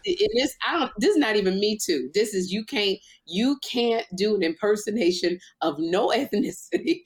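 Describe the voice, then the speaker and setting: A woman hosting a podcast, joking and telling stories quickly and playfully. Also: medium pitch, animated, breathy edge. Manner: playful, quick, jokey storytelling. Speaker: podcast host. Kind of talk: casual chat.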